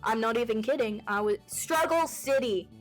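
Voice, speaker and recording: Bubbly young woman, slightly high voice, casual game voice-over, faint music bed. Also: normal speed. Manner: chatty, bubbly, self-mocking. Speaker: gaming YouTuber. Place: home desk. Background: soft background music.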